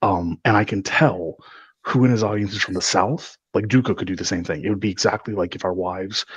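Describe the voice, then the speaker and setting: Tipsy low-voiced man, husky and dry. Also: a little fast, no room sound, muffled recording. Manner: loose, swearing, jokey. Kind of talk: casual banter on a livestream.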